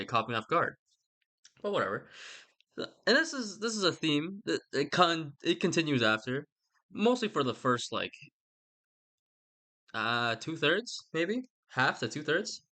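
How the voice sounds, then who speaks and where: A man's voice: a little high, very animated, moderate pace, pushed and bright. A young man giving a rambling, casual retelling of a story, irreverent and slangy, swearing and interrupting himself. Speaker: channel host.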